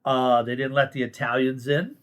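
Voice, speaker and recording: A man's voice: medium pitch, little pitch movement, moderate pace, a bit bright. Host, male, American. Blunt, opinionated monologue, casual and sarcastic, mid-range voice. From United States. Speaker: political commentary host.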